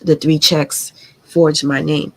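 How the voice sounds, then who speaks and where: A woman's voice: sits low, flat delivery, slow pace, a little mellow, rough recording. A woman hosting a live stream, telling a painful family story in a candid, confiding and profane way. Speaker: livestream host.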